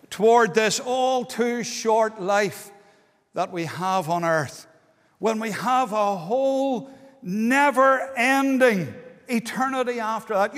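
In a meeting hall, a man delivers an earnest, pleading evangelistic sermon, lingering on key words. His voice sits high and sounds a bit bright. Long hall reverb trails through the recording.

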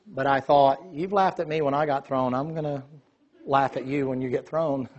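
A man telling a lively story in a sermon, acting out the voices of the people in it. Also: medium pitch, moderate pace, dull audio. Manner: animated storyteller, quotes voices.

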